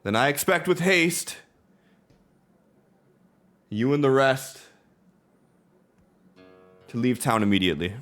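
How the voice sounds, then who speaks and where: A man's voice: medium pitch, sing-song, slow pace, long pauses, a bit bright, faint music behind. A man voicing a confident, stern knight who speaks in a formal, commanding way.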